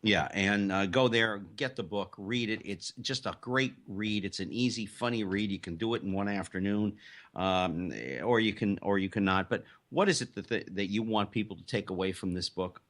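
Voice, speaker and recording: A male radio host interviewing an author in a relaxed, encouraging way. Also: on the low side, normal speed.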